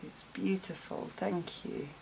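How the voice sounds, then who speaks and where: A low-voiced woman with a gravelly edge speaks slowly and softly in a casual vlog, gasping and gushing as she opens gifts. Paper crinkles, and noticeable noise sits behind her voice. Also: fairly even intonation, poor audio. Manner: soft, slow and gushing, many gasps and sighs. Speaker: craft vlogger opening gifts.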